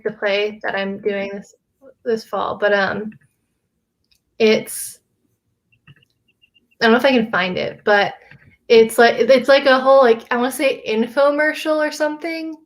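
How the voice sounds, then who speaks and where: A woman's voice: a little high, fairly even intonation, a little slow, long pauses. A young woman co-hosting a book club discussion, rambling through a retelling with hesitant fillers. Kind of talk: casual chat.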